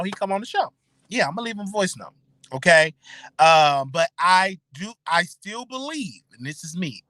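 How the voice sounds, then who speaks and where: A man's voice: a little high, bright, forceful tone, dry recording. A man hosting his own show, talking casually to his listeners in a chatty way, often repeating himself and restarting his words. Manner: repetitive, chatty, stammering restarts; addresses listeners directly. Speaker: show host. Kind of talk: casual commentary stream.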